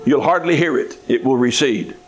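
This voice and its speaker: A man's voice: mid-range voice, moderate pace, poor audio. A man preaching a sermon in a folksy, conversational way with touches of humor.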